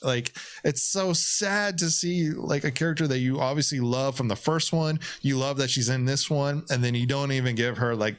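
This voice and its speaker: A man's voice: medium pitch, a bit bright. A man co-hosting a podcast, giving emphatic, opinionated takes on a film and swearing now and then. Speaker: podcast co-host. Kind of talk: casual film review chat.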